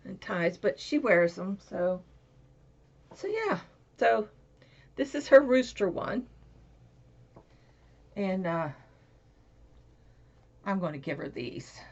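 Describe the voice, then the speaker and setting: Chatty woman crafter with gravelly voice. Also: medium pitch, very animated, slow pace, pauses often. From Florida. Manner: rambling, chatty, many fillers and restarts. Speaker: crafting vlogger. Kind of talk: casual chat. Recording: dull lo-fi home recording.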